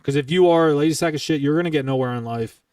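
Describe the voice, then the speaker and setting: A man's voice: a little high, very fast, clear, resonant tone, dry recording, clean studio sound, distant mic. Profane young man telling stories. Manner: blunt, heavy swearing, lively quoted dialogue. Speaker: streamer recounting military stories. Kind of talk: casual profane storytelling.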